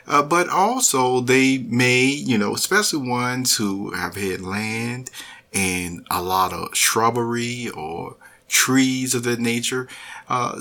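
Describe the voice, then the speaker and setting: A middle-aged man hosts his podcast in an easygoing monologue. He talks slowly and rambles, dropping plenty of fillers as he goes. His voice is bright and forceful at a middling pitch. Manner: relaxed, rambling with many filler words. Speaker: podcast host.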